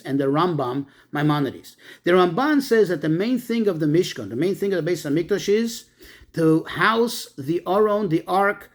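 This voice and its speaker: High-voiced rabbi explaining a Torah lesson. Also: male voice. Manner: explains slowly, restates Hebrew terms in English, frequent restarts. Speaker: rabbi teaching a class. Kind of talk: Torah class lecture.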